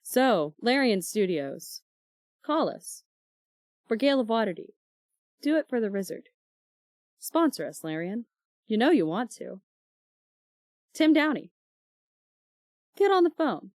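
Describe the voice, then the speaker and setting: A young woman in her twenties co-hosting a casual book club podcast, animated and quick to act out quotes. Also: a little high, no room sound, studio quality. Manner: animated, reads quotes in character voices. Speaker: podcast co-host.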